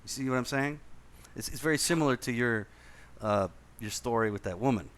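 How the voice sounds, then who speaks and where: Speaking briskly in a mid-range, slightly bright voice, this podcast host shares a profane story in casual conversation. He lived in Indonesia, and he repeats words a lot and laughs throughout.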